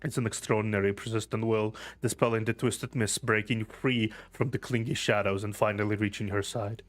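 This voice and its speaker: A man's voice: lowish voice, steady tone, a little fast, soft background music. A man streaming a game, reading the story text aloud and chatting, laughing and swearing easily, a bit teary-eyed.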